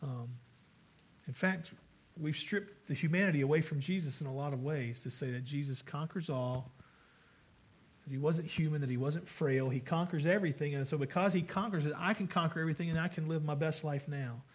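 A man's voice: fairly high pitch, brisk, slightly rough. A man preaching a sermon as pastor, earnest and conversational, with frequent restarts.

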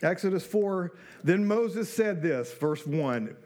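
A middle-aged male pastor delivers a sermon in a relaxed, conversational manner. His voice sits a bit high for a man. He throws rhetorical questions at the listeners and slips in dry, joking asides. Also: takes it slowly.

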